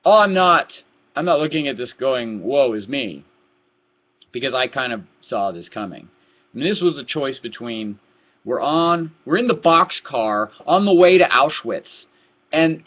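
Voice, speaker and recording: A man giving a heated political rant to his webcam, repeating words and swinging from low muttering to loud outbursts. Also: big pitch swings, normal speed. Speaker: political vlogger. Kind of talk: ranting webcam commentary. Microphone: laptop webcam mic. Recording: lo-fi laptop webcam audio.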